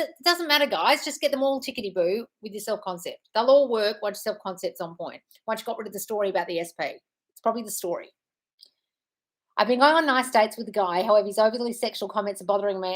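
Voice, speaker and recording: A woman's voice: medium pitch, a bit bright. A woman hosting a live Q&A as a manifestation coach. She reads out viewer questions and answers them in a frank, breezy way, calling her listeners "darling". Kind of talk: casual live-stream chat, reading viewer questions.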